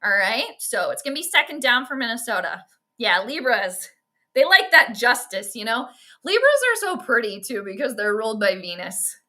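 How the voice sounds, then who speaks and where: A woman's voice: a little high, very animated, moderate pace, pushed and bright. A woman hosting a live stream from home, giving casual game commentary in a rambling, chatty way and answering viewer comments. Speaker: host of an astrology sports livestream.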